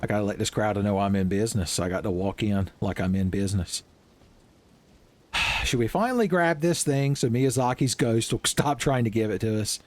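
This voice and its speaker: A young man giving casual, joking let's-play commentary, with swearing and animated asides. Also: fairly low pitch, moderate pace, a little hiss or hum. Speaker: gaming channel host.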